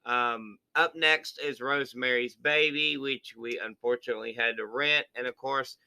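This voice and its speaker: An easygoing man chats casually to viewers during an unboxing, rambling along with plenty of fillers. His voice is very bright and smooth. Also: mid-range voice, fairly even intonation, normal speed. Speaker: co-host of unboxing channel.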